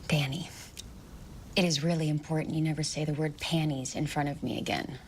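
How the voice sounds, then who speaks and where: A woman playing a young woman who warns her stepfather in a low, tense whisper. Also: fairly even intonation, brisk, slight background noise.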